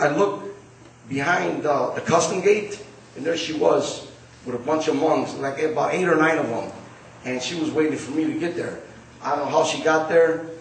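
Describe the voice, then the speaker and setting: A man's voice: a little high, gravelly. Man, live storyteller, rambling, self-correcting, distant mic, echoey gym hall. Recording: roomy hall recording from a distance.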